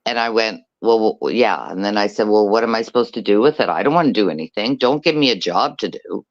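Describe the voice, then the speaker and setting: A woman's voice: rumbling low, lively intonation, fast talker, dull audio. A woman guest on a casual panel chat who moderates the chat, self-deprecating and blunt, laughing often.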